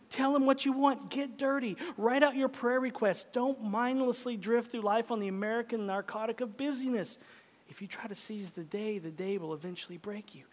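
A man preaching a sermon as pastor, swinging from loud urgent pleading to soft, whispered tenderness. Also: high voice. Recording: long hall reverb.

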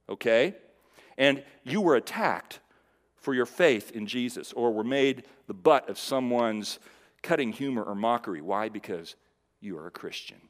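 Animated male preacher in a reverberant hall. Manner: animated, swinging from loud emphasis to near-whispered lows; conversational, with fillers and restarts, asks the audience questions. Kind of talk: sermon.

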